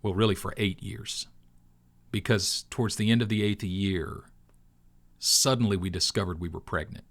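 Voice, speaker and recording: A middle-aged man, host of his own channel, talking earnestly in a preacher-like way with long pauses, telling a personal story. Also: fairly low pitch. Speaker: crypto video host. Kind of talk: heartfelt personal talk.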